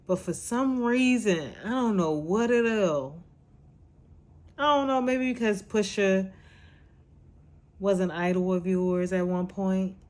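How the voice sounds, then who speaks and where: Slow, blunt woman ranting. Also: sits low, a little mellow. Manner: blunt, scolding, exasperated. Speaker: podcast host. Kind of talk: casual reaction rant.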